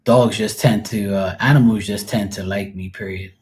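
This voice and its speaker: A man's voice: fairly low pitch, fairly even intonation, moderate pace, noisy background. A middle-aged man hosting a live stream, chatting casually and rambling through stories, acting out the people in them. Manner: rambling, storytelling with voiced quotes. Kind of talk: casual chat.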